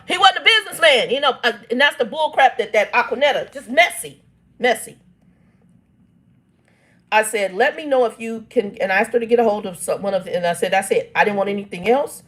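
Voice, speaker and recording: A woman's voice: mid-range voice, expressive, fairly quick. A woman, telling a family dispute in a casual vlog. She reads text messages aloud and breaks in with blunt, irritated asides. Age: 50s. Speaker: channel host.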